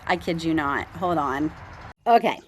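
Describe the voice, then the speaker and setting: Speaking outdoors at her home, a middle-aged Canadian woman who vlogs about homesteading talks earnestly to the camera. Her voice sits low and animated at a measured pace, with a little hiss or hum in the audio. She rambles casually and from the heart, with many ums and restarts.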